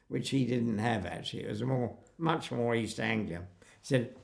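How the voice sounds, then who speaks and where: Older man, gravelly voice, animated storyteller, reminiscing in an interview. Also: mid-range voice, moderate pace. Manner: animated storyteller acting out quotes. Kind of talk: reminiscing conversation.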